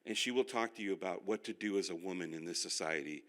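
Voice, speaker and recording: A man's voice: deep voice, quick pace, fairly bright tone. A male pastor teaching a class, who tells stories with self-mocking humor and speaks straight to the room. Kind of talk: humorous sermon-style teaching.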